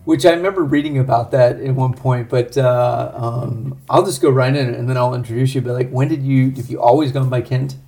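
A man who grew up in the southern United States, co-hosting a book podcast in a loose, halting way. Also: mid-range voice, steady tone, dark tone. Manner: halting, many fillers and restarts. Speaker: podcast co-host. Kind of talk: casual chat.

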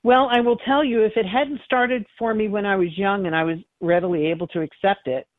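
A woman's voice: mid-range voice, brisk, dry recording. A middle-aged woman psychic medium tells her stories animatedly, slipping into the voices of the people she quotes. Her voice comes through a thin, phone-like line. The sound is dry and close. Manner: animated, acts out quoted voices, laughs often. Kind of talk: emotional interview storytelling.

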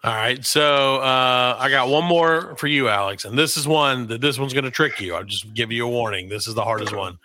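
A man's voice: medium pitch, a little fast, hardly any pauses, sharp tone. A man hosting a casual chat, playfully quizzing guests on slang. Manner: playful, teasing.

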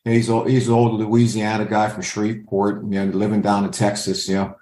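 A man's voice: on the low side, monotone, brisk, warm tone. An older man working as a scout, answering interview questions with anecdotes and acting out what other people said. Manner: storyteller who acts out others' lines. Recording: roomy echo.

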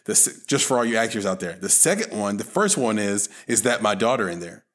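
An animated man with a lowish voice co-hosts a casual podcast chat. He tells stories with gusto and breaks into acted-out lines. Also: fairly quick. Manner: animated storyteller, acts out film lines, self-described softie. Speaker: podcast co-host.

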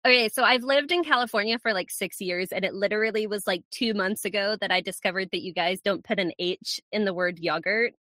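A woman host with a Scottish accent softened by American speech, chatting casually and agreeably with a guest, laughing often, recorded in a small clothes closet. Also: medium pitch, fairly quick, hardly any pauses, dry recording. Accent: Scottish mixed with American. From Scotland. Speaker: podcast host. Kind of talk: casual interview chat.

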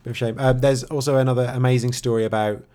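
A man's voice: medium pitch, steady tone, rapid-fire, warm tone. A man co-hosting a running podcast in casual chat, with dry, wry understatement. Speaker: podcast co-host.

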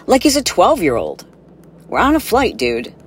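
A woman hosting a podcast, telling an animated, exasperated story in a casual monologue and acting out the people in it. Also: mid-range voice, moderate pace, a little hiss or hum. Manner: animated, exasperated, acts out quotes. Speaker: podcast host.

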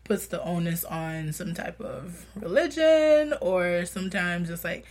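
A woman's voice: on the low side, animated, a little slow, a little mellow. Young haitian-born woman therapist, sick and stuffy, easygoing podcast chat. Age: young adult. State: sick, congested nose.

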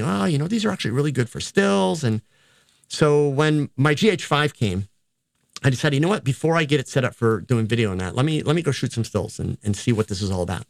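A man's voice: medium pitch, vocal fry, no echo. Self-deprecating older man, dry sound. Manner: rambling and self-deprecating, quotes himself. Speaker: photographer and educator. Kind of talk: casual interview storytelling.

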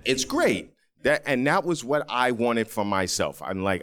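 A man's voice: mid-range voice, unhurried. A man telling a personal story in the first person, acting out the people he quotes. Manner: animated, acts out quoted voices.

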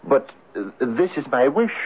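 An actor playing a poor, earnest husband who wishes for riches, with a hesitant, stammering manner, in a 1970s radio drama. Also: male voice, medium pitch, sing-song, normal speed, slight background noise, lightly acted. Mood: pleading. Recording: tinny lo-fi old radio broadcast.

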